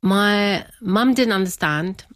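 A woman's voice: mid-range voice, slow pace, a bit bright, no room sound. A middle-aged woman telling a personal story as an interview guest, chatty, laughing often and acting out what family members said.

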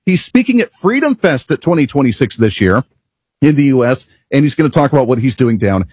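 A man's voice: medium pitch, big pitch swings, a little fast, a little mellow, slightly rough, no room sound. A man hosting a political talk radio show from a studio, delivering an opinionated monologue full of rhetorical questions.

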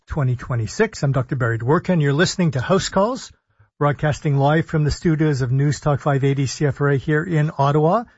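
Guy, doctor doing a radio health show, kinda husky, dull lo-fi broadcast audio, walks thru points one at a time. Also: on the high side, no echo. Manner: deliberate, emphatic, lists items one by one. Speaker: radio host and physician. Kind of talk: call-in radio health talk. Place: radio studio. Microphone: studio broadcast mic.

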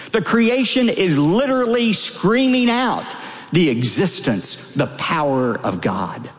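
Man preaching with lively rising emphasis. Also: on the high side, long reverb tail. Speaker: pastor. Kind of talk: sermon.

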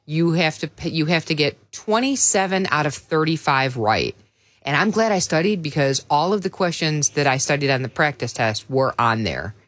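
A woman's voice: deep voice, expressive, moderate pace, no room sound. A woman hosting a morning radio show, chatting and telling stories in a casual, easygoing way. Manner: chatty, storytelling, laughs easily. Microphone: studio microphone.

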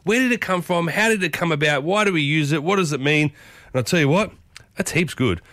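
A man with an Australian accent hosting a morning radio show, chatty and upbeat, often jumping up in pitch. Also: fairly quick, fairly bright tone, no echo. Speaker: radio host. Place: radio studio. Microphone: studio microphone.

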